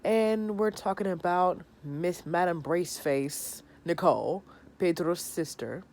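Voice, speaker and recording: A woman in her thirties with a slightly low voice chats through a reality show episode. She is sassy and animated and sounds tired, as if talking late at night. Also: unhurried. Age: 30s. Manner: sassy, animated, acts out the people she discusses. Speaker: reality TV recapper. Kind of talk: casual episode review.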